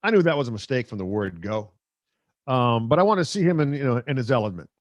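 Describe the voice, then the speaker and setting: A man's voice: mid-range voice, very animated, quick pace, no room sound. A middle-aged man hosting a live stream, chatting casually, reading viewer comments, and rambling with jokes at his own expense. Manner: rambling, joking, self-mocking. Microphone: close microphone.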